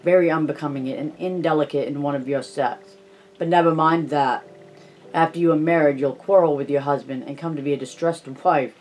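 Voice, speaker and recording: A man's voice: fairly high pitch, steady tone, fairly quick, slight background noise, natural voice. A man reading an audiobook, voicing a pompous, self-satisfied male alderman who talks down to the poor. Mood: smug. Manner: self-satisfied, patronizing, chuckling.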